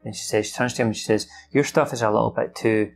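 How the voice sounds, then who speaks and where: Gravelly man rambling through a film recap. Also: on the low side, fairly even intonation, fast talker, soft background music. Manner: rambling, many fillers and restarts, swears. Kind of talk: casual off-the-cuff recap.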